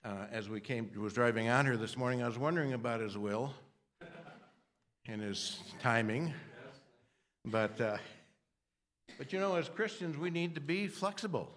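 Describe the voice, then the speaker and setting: An older man preaching a sermon in a rambling, self-deprecating way, with restarts and throat clearing. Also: mid-range voice, moderate pace, pauses often, fairly bright tone.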